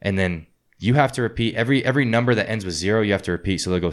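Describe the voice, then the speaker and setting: A man casually telling boot camp stories, swearing constantly and acting out drill instructors' yelling. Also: fairly low pitch, expressive, racing. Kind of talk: casual podcast chat.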